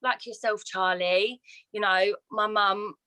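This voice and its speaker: A woman in an online support group speaks candidly about her own life, with a bright, forceful tone. Light laughs slip in between her phrases, and the sound of her call is close and dry. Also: mid-range voice, fairly even intonation, slow pace, no room sound, rough recording. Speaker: group participant. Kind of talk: personal sharing on a video call. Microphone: video call.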